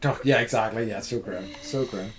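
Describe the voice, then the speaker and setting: A man with a hoarse, strained voice co-hosting a podcast, chatting casually about an old film with many fillers and restarts. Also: fairly low pitch, fairly quick, background noise. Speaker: podcast co-host. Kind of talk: casual film review chat.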